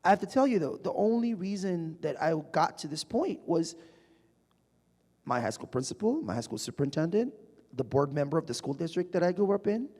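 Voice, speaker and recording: A man's voice: fairly high pitch, a little fast. A man telling stories to a live audience in a large hall, acting out the people he quotes. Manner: animated storytelling, acts out quoted people. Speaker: guest speaker. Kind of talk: onstage public conversation. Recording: reverberant hall.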